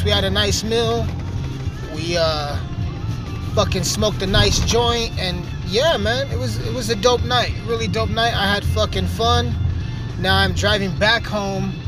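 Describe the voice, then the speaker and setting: A man's voice: high voice, low-quality recording. A young man hosting a podcast while driving his truck, chatting loosely with lots of profanity. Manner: loose, profane, laid-back banter. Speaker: podcast host. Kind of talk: casual talk while driving. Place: inside a truck on the road. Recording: loud music behind the voice. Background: loud music playing.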